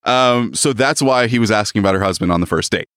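A man co-hosting a podcast, casually recapping a novel's plot and tossing in quick voices for its characters. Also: on the low side, lively intonation, fairly bright tone, no room sound, clean studio sound. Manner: retells the plot, acting out lines in quick voices. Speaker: podcast co-host. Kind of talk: casual book recap chat.

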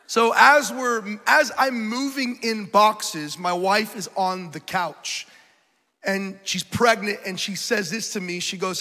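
High, bright preacher in a big hall. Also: male voice, unhurried. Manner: animated, self-mocking, laughs often. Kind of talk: sermon storytelling. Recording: preaching in a large reverberant hall.

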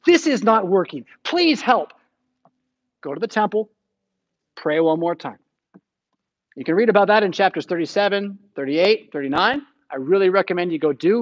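A man's voice: high voice, animated, normal speed, highs cut off. An American man preaching a sermon in a church, retelling the story casually and acting out the quotes.

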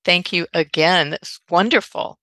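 A woman's voice: fairly low pitch, measured pace, pushed and bright, dry recording. A woman co-hosting a podcast, closing the interview with encouraging remarks. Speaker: podcast co-host. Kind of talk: casual interview chat.

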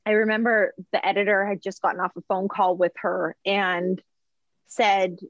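Speaking at a normal pace, this woman, a chef and food journalist guesting on a podcast, rambles through lively stories with plenty of fillers in a casual chat. The mic sits close to her mid-range voice, there's no room sound at all, and the audio is a bit dull and lo-fi.

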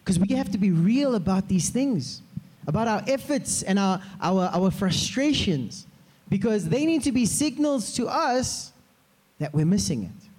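A man preaching a sermon as pastor, in a lively way, often asking the congregation to repeat words after him. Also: high-pitched, unhurried, breathy edge. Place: church hall. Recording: long hall reverb.

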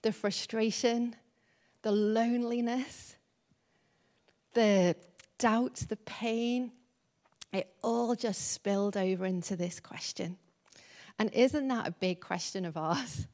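A woman's voice: on the high side, slow, long pauses, a little mellow. A woman preaching a conversational sermon, often laughing lightly and acting out the lines she quotes.

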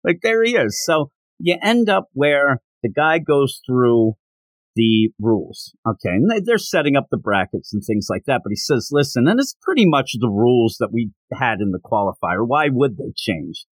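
A man hosting a podcast, casually retelling a comic chapter with amused asides and quick voice impressions. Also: mid-range voice, sing-song, dry recording. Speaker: podcast host. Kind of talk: casual manga recap.

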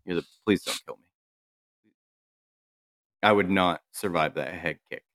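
A man's voice: low-pitched, a little slow, a bit bright. A man co-hosting a podcast, talking in a laid-back, swearing casual chat. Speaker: podcast co-host.

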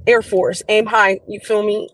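A young adult woman, a podcast guest, telling a story in an animated, profane, slangy way. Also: mid-range voice, unhurried, a little hiss or hum, rough recording. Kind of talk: casual storytelling chat.

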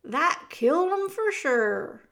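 Simple serving girl, voiced by a woman: high, drawling, rough-spoken storybook maid. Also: very animated, slow, fairly bright tone, heavily acted. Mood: dull wonder. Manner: drawling, plain country speech. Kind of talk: storybook reading.

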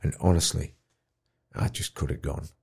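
A man telling a moving story in an interview, acting out other people's voices and dropping to a hush at tender moments. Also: very deep voice, moderate pace, vocal fry, breathy edge. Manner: animated storyteller, acts out voices, drops to quiet. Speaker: guest, dementia campaigner. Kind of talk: storytelling in conversation.

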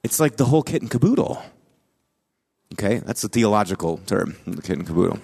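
A pastor preaching a sermon in a conversational way, building to emphatic peaks. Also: male voice, on the low side.

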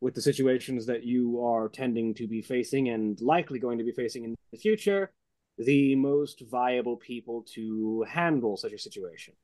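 A man running a tabletop game as game master, describing the world in an unhurried way with frequent fillers. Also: mid-range voice, darkish tone, no room sound.

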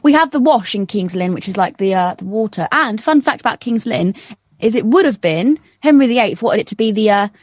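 A woman's voice: mid-range voice, animated, brisk, darkish tone, no echo. A young woman from Norfolk with a Norfolk accent, chatting casually on a podcast and laughing often. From Norfolk, England. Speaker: radio presenter guest. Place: caravan.

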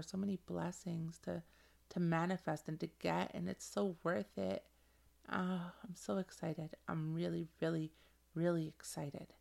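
A woman hosts a motivational podcast and gushes with excitement as she guides listeners through a visualization. She calls them honey. Her voice sits on the lower side and has a steady gravelly fry. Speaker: podcast host.

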